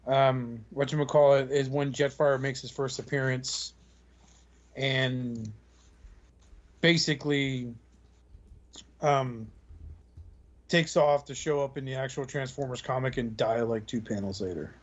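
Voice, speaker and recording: A man's voice: medium pitch, fairly even intonation, a little slow, pauses often, dull audio. A man co-hosting a casual podcast, teasing his friends with crude banter. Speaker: podcast co-host. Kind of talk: casual chat.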